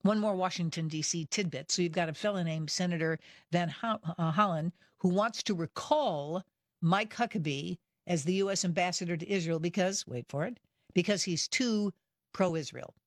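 A woman hosting a Christian talk radio show, energetic and emphatic, stressing key words and asking rhetorical questions. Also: fairly low pitch, normal speed, no room sound, clean studio sound. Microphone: studio microphone.

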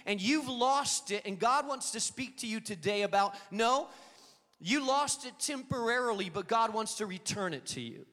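A man preaching a sermon to an auditorium, telling a story and acting out the quoted lines with lively energy. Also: very high voice, moderate pace. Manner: storytelling, animated, acts out quotes. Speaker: pastor. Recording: long reverb of a hall.

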